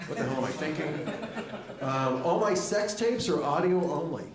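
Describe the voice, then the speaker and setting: A middle-aged male stand-up comic with a dry, wry delivery, his fairly high voice leaping up and down in pitch. He is on a stage mic in a roomy comedy club, with loud laughter from the audience. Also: moderate pace, crowd noise. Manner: dry, wry deadpan with lively jumps in pitch.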